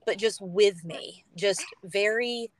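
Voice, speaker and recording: Young woman, podcast guest, chatty storyteller, dry close sound, mid pitch. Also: slow, dry recording. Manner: chatty, animated retelling with lots of fillers. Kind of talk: casual storytelling.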